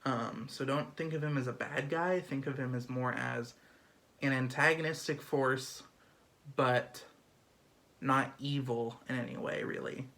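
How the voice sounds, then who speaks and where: A man talks through a play summary in a loose, chatty way, dotted with fillers and quick acted-out asides. His voice sits at an ordinary middle pitch. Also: fairly even intonation, a bit bright. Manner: chatty, filler-heavy, lots of "um" and "like". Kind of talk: casual literature summary.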